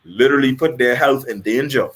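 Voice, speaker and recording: Man, passionate, emphatic, middling pitch, interview guest. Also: brisk, slight background noise. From Bahamas. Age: adult, married. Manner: passionate, emphatic, acts out quoted voices. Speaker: guest, history teacher. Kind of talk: interview conversation.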